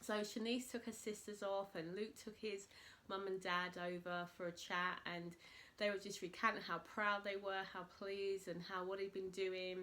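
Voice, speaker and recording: A woman chatting to camera, recapping a reality show and retelling it with animated quotes. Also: moderate pace, a little hiss or hum. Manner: animated retelling, voices quotes in a high excited pitch. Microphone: camera mic, speaking to camera.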